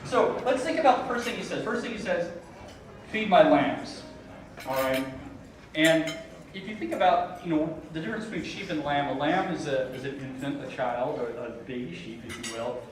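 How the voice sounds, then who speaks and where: A man speaks at a dinner gala, a bit higher-pitched than most men, with an easy, joking delivery full of ums. He sounds far from the mic, and a very echoey banquet hall rings around him. Cutlery and dishes clatter behind him. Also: normal speed, noisy background. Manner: casual, with frequent ums and self-deprecating jokes. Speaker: school founding board member. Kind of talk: informal gala speech. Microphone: podium microphone heard from a distance.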